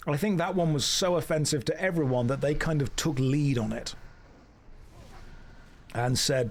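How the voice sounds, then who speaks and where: A man's voice: fairly high pitch, moderate pace, pauses often, a little hiss or hum. A man chatting casually and joking dryly as he plays a game and answers his chat. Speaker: streamer. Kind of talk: casual chat while gaming.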